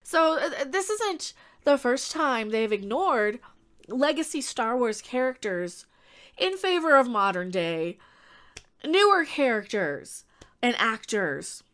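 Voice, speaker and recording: Stuffy-nosed woman commentator, high voice, sarcastic and exasperated. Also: big pitch swings, fairly bright tone. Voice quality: stuffy, nasal. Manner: exasperated, sarcastic, halting restarts. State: stuffy from allergies. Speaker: YouTube commentator. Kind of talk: casual opinion commentary.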